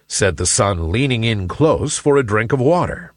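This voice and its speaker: A man reading a children's story aloud in an expressive, unhurried way. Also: on the low side, dry recording, clean studio sound.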